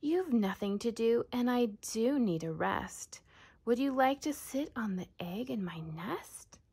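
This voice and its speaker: A woman's voice: a little high, lively intonation, measured pace, a little mellow, breathy edge, heavily acted. A woman voicing a lazy, flighty female bird in a storybook reading, sweet-talking and coaxing.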